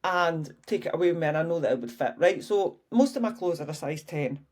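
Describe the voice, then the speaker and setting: A woman's voice: low voice, animated, a little fast, darkish tone. A woman in her early fifties, a fitness coach chatting frankly and casually on her own podcast, swearing freely. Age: 50s. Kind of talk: casual solo podcast chat.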